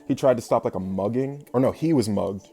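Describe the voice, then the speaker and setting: A man's voice: medium pitch, fairly quick, dark tone, soft background music. A young man telling a long personal story in a casual, rambling way, full of fillers and bursts of laughter. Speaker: vlogger.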